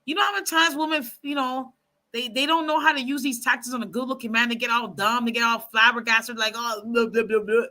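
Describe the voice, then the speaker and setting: A woman's voice: on the high side, fast. A woman talking casually to her viewers, giving frank dating advice and telling stories with lots of asides. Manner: chatty, frank, animated storytelling with many asides; speaks to viewers as y'all and ladies. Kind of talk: casual advice chat to camera.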